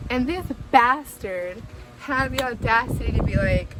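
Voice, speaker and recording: A woman's voice: fairly high pitch, normal speed. Chatty young woman telling a story. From San Francisco Bay Area. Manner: chatty and animated, heavy "like" fillers, swears, laughs while telling. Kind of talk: casual storytime vlog.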